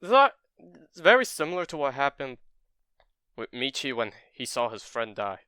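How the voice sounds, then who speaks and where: A man's voice: mid-range voice, very animated, moderate pace, pushed and bright, smooth, no room sound, studio quality. A man casually narrating a fan story in a rambling way, correcting himself as he goes.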